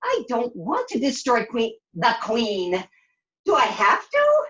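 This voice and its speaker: A woman puppeteer voicing a chatty, excitable young girl who talks in quick, sassy bursts during a puppet show. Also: fairly high pitch, highs cut off, full character voice. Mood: sassy, excited. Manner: breathless, sassy, quick to exclaim.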